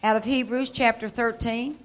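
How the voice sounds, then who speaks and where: A woman's voice: on the high side, steady tone. A woman preaching in a church, reading scripture aloud and leading the congregation in repeating it. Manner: reads scripture slowly, building to loud call-and-response. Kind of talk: sermon.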